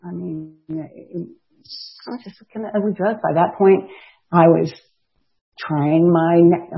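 Woman, candid testimony talk, self-mocking, husky voice, dull lo-fi recording. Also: fairly low pitch. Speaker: speaker sharing a recovery story. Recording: dull lo-fi sound.

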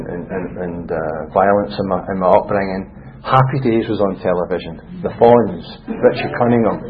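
Scottish man telling his life story. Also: on the low side. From Scotland. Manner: candid, rambling, with frequent restarts. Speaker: speaker sharing his story. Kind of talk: personal testimony talk. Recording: dull lo-fi recording with faint noise.

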